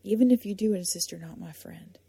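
A quiet, earnest young man from a storybook speaks in hushed, halting phrases, read by a woman. The tone is dark and mellow, heavily breathy, recorded close and dry. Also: high voice, dry recording, full character voice. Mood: subdued.

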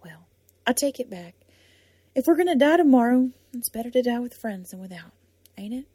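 A woman reading a storybook, voicing a blunt, spirited young woman with a lively, teasing way of talking. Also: a little fast, slightly rough, dry recording. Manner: lively and teasing, rising pitch.

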